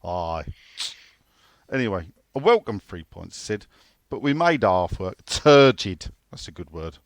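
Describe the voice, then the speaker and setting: A man's voice: lowish voice, sing-song, measured pace, dry recording. A man co-hosting a casual football podcast, swearing freely and reading out listener questions. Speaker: podcast co-host.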